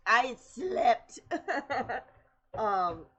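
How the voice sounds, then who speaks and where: A woman's voice: a little high, sing-song, very slow, bright, forceful tone, muffled recording. A young woman streamer in casual chat, chatty and laughing often as she tells stories.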